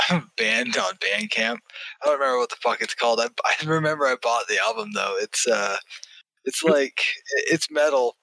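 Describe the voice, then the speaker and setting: A man's voice: medium pitch, vocal fry, no room sound, poor audio. A man co-hosting a podcast, telling stories with laughs and plenty of swearing. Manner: laughing, profane, animated storytelling. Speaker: podcast co-host. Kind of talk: casual chat.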